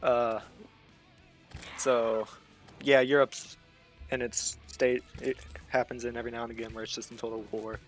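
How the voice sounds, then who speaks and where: A man's voice: medium pitch, little pitch movement, normal speed, long pauses, faint music behind. Rambling young man recapping game lore. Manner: rambling, loose slangy storytelling with fillers. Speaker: host explaining game lore. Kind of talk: casual comedic recap.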